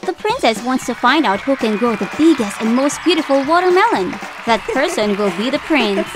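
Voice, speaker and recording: A woman's voice: high voice, lively intonation, moderate pace, over music. A woman narrating a children's toy story, asking playful questions as she tells it.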